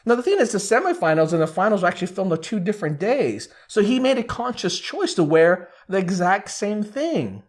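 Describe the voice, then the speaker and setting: A man's voice: sits high, very animated, a little fast, hardly any pauses. A man hosting a casual commentary, talking animatedly and asking many rhetorical questions. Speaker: YouTube commentator.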